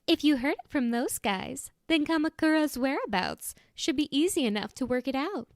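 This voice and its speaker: A woman voicing a cocky, capricious teenage girl mastermind in a fan audiobook, with a high-pitched voice that swings between bubbly and deadpan. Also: moderate pace, dry recording, clean studio sound. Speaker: audiobook voice actor. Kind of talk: fan audiobook character reading.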